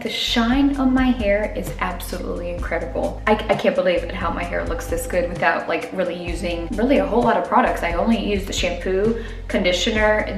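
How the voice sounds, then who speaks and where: A woman vlogger chatting casually through a hair tutorial and product review, upbeat and talking through each step. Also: fairly low pitch. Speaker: beauty vlogger. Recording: echoey room with faint music.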